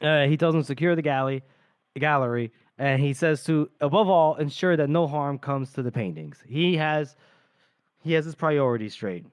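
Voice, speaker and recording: A man's voice: on the high side, moderate pace, clean tone, no room sound. Chatty man recapping a story, dry sound. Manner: retells scenes, acting out quoted lines. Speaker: podcast co-host. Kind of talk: casual book discussion.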